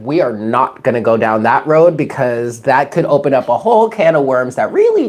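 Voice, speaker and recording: A woman giving a live-streamed tarot reading, chatting warmly with viewers in the chat and moving into spoken prayer and affirmations. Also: a bass voice, very animated, moderate pace, hardly any pauses. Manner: chatty and affectionate, reads chat names aloud. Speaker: tarot reader.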